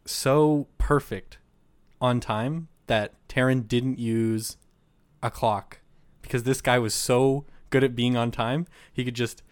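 A man's voice: medium pitch, fairly even intonation, takes it slowly, smooth, no room sound. A man in casual chat, teasing his co-host and retelling a listener's story.

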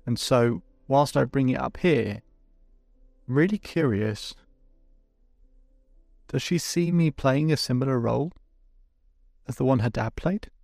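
Gravelly-voiced man coaching a client. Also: medium pitch, darkish tone, no echo, studio quality, soft background music. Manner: reflective, halting with many restarts. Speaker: life coach. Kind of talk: coaching session with asides to listeners.

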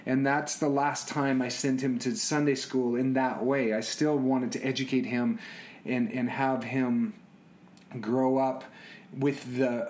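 Animated man telling stories with restarts. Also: medium pitch. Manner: animated, repeats words and restarts often. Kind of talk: casual storytelling.

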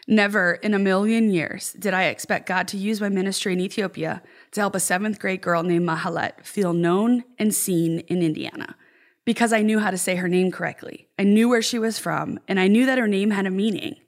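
Woman, youth ministry director, sincere storytelling delivery, middle pitch. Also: moderate pace. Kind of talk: storytelling testimony.

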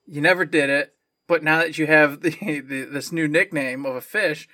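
Animated bright-voiced man. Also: a little high, moderate pace. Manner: animated storyteller, lively emphatic delivery. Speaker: podcast co-host. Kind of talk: casual podcast chat.

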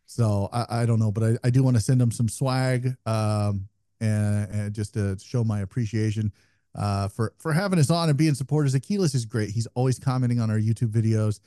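Profane, animated man co-hosting a podcast. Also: medium pitch, brisk, no room sound, clean studio sound. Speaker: podcast co-host. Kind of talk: casual chat.

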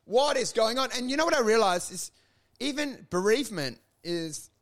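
A man's voice: very high-pitched, moderate pace. A man co-hosting a podcast, telling crude, rambling comic stories in casual chat. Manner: crude, rambling, animated storytelling with mocking put-on voices. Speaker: podcast co-host.

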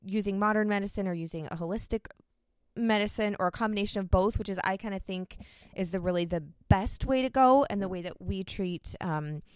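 A woman's voice: mid-range voice, brisk, smooth, no room sound. A woman hosting her own podcast, talking in a chatty, upbeat way and laughing often. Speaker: podcast host. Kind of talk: casual podcast talk.

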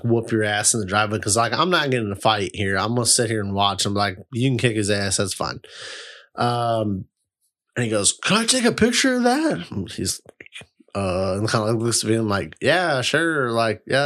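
A young man casually telling a long, rambling story, swearing freely and getting animated. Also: lowish voice. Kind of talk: casual chat.

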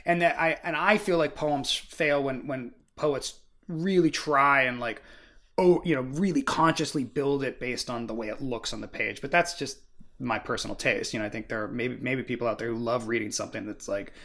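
A man's voice: mid-range voice, moderate pace, fairly bright tone. A man co-hosting a casual book discussion, rambling and filling his talk with "like" and "you know". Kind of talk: casual chat.

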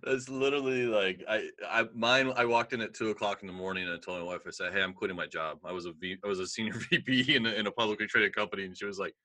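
A middle-aged man hosting a casual chat, excitable and animated as he retells a story. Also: fairly low pitch, fast, few pauses, no echo. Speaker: podcast host.

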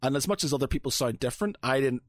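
A Northern Irish man chats on a podcast as co-host, piling up fillers as his stories ramble on. His voice sits in an average pitch range and sounds dry and close, with no room around it. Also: rapid-fire, no room sound. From Northern Ireland. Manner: rambling, animated storyteller with frequent fillers. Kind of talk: casual chat.

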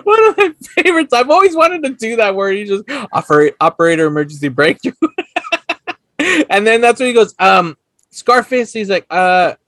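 A young man talks about films in loose, animated chat, swearing freely and acting out favorite lines. His voice sits high and jumps all over the place. The sound is dry and close. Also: moderate pace, no room sound. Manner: animated, swearing, acts out movie quotes with laughs. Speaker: podcast co-host. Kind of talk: casual chat about movies.

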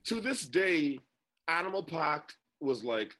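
On a casual podcast, this male co-host speaks at normal speed with a voice on the high side. He's an animated storyteller who acts out people's quotes as he goes.

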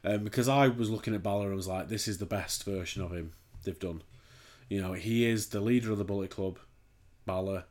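A man's voice: lowish voice, fairly quick, a little mellow. A man co-hosting a podcast, rambling and swearing in casual chat. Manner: sweary, rambling, laughs easily. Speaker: podcast co-host.

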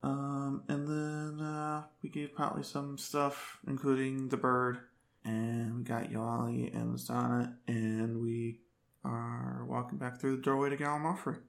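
A man gives a halting, wry recap of the last game session, full of fillers. His voice stays flat and even, and it sounds like an echoey room. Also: mid-range voice, gravelly. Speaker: tabletop game player.

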